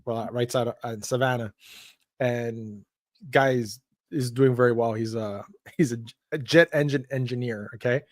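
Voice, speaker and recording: A man's voice: medium pitch, normal speed, dry recording, studio quality. A man co-hosting a casual live chat, telling stories animatedly and laughing a lot. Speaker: co-host.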